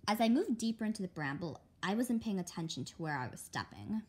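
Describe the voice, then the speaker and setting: A woman reading a graphic novel aloud with expressive storytelling. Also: medium pitch, brisk, slight background noise. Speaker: reader.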